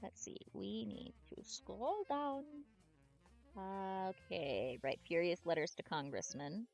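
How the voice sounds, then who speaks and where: A woman chatting excitedly as she plays and reads through a story game, commenting aloud as she goes. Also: mid-range voice, slow, gravelly, soft background music. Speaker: gamer streamer.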